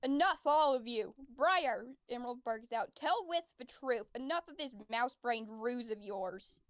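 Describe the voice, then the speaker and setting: A woman's voice: a little high, expressive, measured pace, a bit bright, no echo, studio quality. A woman voicing a stern, blunt female warrior cat in a roleplay, curt and commanding. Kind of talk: voice-acted roleplay.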